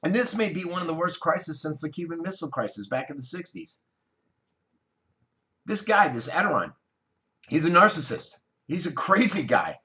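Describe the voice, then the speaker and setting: A man's voice: on the high side, sing-song, moderate pace, pauses often, bright, forceful tone. An American man giving casual, opinionated online news commentary, rambling and correcting himself as he goes.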